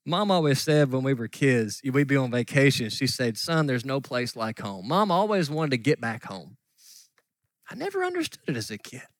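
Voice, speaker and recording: Earnest pastor preaching, dry sound. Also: male voice, mid-range voice, no room sound. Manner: earnest storytelling, drops to soft near-whispers. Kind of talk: sermon.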